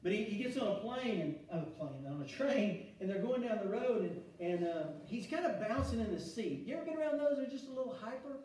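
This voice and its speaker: A male pastor preaching a sermon, swinging between loud exclamation and hushed, soft passages, with frequent restarts. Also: sits high, lively intonation, a little fast, hardly any pauses, slight background noise. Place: church sanctuary. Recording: very echoey church room, mic at a distance.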